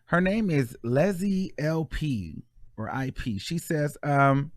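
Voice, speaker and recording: A man's voice: on the high side, animated, takes it slowly, no room sound, clean studio sound. A man hosting casual celebrity gossip commentary, chatty and full of fillers as he scrolls through posts.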